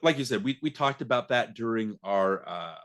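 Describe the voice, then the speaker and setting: A man's voice: mid-range voice, lively intonation, normal speed, fairly bright tone. A man hosting a podcast, talking casually and laughing as he acts out movie lines. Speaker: podcast host.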